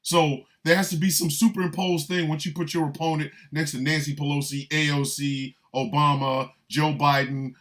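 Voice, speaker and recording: A man's voice: fairly high pitch, flat delivery, moderate pace, few pauses, a bit bright. A man delivering a comic monologue, riffing with repeated lines and mock-incredulous asides. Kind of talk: comedic monologue.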